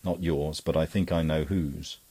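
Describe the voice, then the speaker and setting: A fierce, hot-tempered army captain, as a man reading a story puts him on. The voice is low and husky. He speaks with grim force. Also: steady tone, unhurried, mellow, heavily acted.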